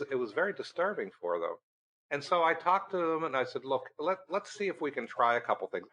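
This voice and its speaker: A middle-aged man and guest on a podcast, telling a story in a lively way and acting out the dialogue. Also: medium pitch, poor audio. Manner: animated storyteller, acting out quoted dialogue with laughs. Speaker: research center director, guest.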